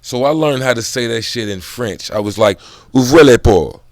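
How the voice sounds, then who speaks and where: A man talks loosely and profanely about a book, wandering into side stories. He laughs between thoughts. His voice sits at an ordinary middle pitch, with a dry, close sound and no room echo. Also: normal speed. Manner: loose, profane, digressive talk. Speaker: book commentary vlogger. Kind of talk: casual profane book commentary.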